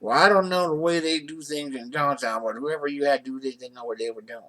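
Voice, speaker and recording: A man's voice: a little high, brisk, a bit bright, pitched above the performer's own voice, close to an everyday voice. A man voicing a helpful, easygoing male mechanic who talks in a casual, reassuring way.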